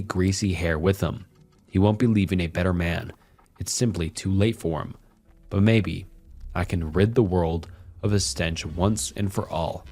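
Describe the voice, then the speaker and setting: A man's voice: low-pitched, darkish tone. A man narrating a first-person horror story, cold, probing and controlling in his questions. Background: faint music.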